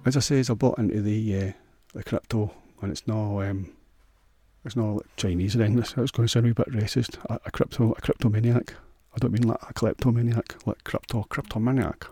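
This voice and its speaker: A man's voice: fairly low pitch, fairly even intonation, a little fast, warm tone, husky, dry recording, studio quality. A man with a Scottish accent hosting a solo podcast, rambling in a crude, sweary, offhand way. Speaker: podcast host.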